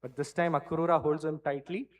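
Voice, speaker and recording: A man tells a scripture story to a temple class, his voice sitting noticeably high for a man. He talks earnestly, and he keeps checking in with the listeners by adding "right?" and "you know". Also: little pitch movement, fairly quick.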